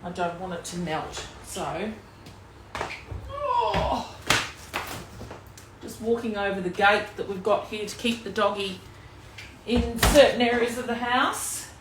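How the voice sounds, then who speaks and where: A woman's voice: medium pitch, moderate pace, reverberant, very noisy. A woman with an Australian accent chatting to viewers as she cooks live in her home kitchen. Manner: chatty, talks to viewers while working. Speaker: cooking demonstrator and team leader. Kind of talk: live cooking stream chat.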